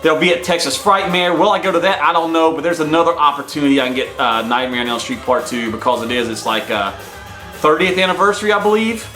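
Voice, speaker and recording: A man's voice: on the high side, fast talker, sharp tone, faint music behind. A man vlogging in a brash, boastful, hype-man patter. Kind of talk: casual hype vlog. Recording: echoey room sound.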